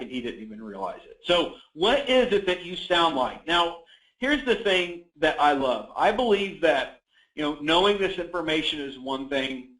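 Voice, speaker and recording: Energetic male real estate coach, echoey room. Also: on the high side. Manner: energetic, enthusiastic, many fillers. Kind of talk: coaching webinar.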